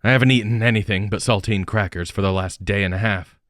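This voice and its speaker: A casual, eager young traveler from the American Midwest, read by a man close to his own low voice. The sound is dry and close. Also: fairly even intonation, quick pace, a bit bright, no echo, lightly acted.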